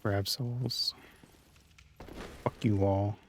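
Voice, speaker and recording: A man streaming a video game, taunting enemies with profane, slow-paced commentary. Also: lowish voice, fairly even intonation, a little hiss or hum. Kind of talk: casual gaming commentary.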